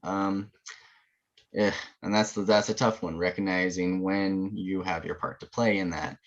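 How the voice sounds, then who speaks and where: Man podcast co-host, very low voice, reflective casual talk, dull lo-fi audio. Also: steady tone, unhurried. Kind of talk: casual spiritual chat.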